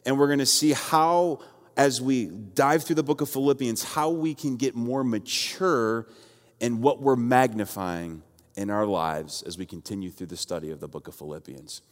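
A man's voice: mid-range voice, normal speed. A male pastor delivers a sermon with a mid-range voice. He tells stories casually and acts out the voices in a quarrel. His voice rings with a long hall reverb. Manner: storytelling, acts out both sides of a quarrel.

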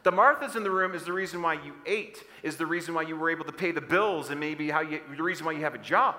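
Preacher guy, bright forceful voice, echoey hall, gets the crowd repeating after him. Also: on the high side, fast. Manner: animated preaching with call-and-response, repeats phrases. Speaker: pastor. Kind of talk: sermon. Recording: echoing hall.

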